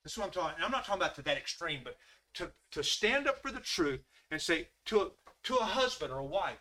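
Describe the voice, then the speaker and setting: A man's voice: high voice, sing-song, fast talker, sharp tone. A middle-aged man preaching a casual, conversational sermon full of folksy asides. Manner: folksy, conversational, with Southern "y'all". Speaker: pastor.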